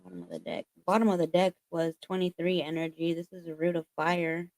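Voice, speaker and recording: Earnest, swearing woman tarot reader, low-pitched. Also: little pitch movement, a little fast, darkish tone, no echo. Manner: emphatic and earnest, swears freely, relays messages. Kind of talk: casual spiritual tarot reading.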